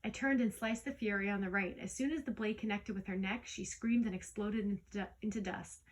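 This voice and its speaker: A woman reading a storybook aloud in the first person, lively, with small slips that she corrects as she goes. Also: medium pitch, fairly quick, poor audio. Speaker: audiobook reader. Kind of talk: storybook read-aloud narration.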